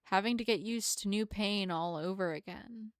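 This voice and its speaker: A woman's voice: medium pitch, moderate pace, clean tone, no echo, lightly acted. A woman voicing an earnest, polite young woman who talks in formal, apologetic phrases, reading a visual novel aloud with a dry sound. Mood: downcast.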